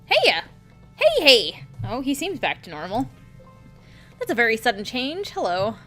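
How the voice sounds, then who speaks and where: A woman's voice: on the high side, very animated, moderate pace, fairly bright tone, soft background music. A young woman hosting a game video, chatting casually with playful asides. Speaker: gaming video host. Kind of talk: casual let's-play commentary.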